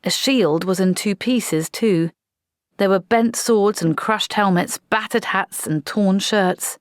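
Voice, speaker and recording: A woman reading a comic fantasy audiobook in a steady, measured way. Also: mid-range voice, dry recording, clean studio sound. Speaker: audiobook narrator. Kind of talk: scripted narration.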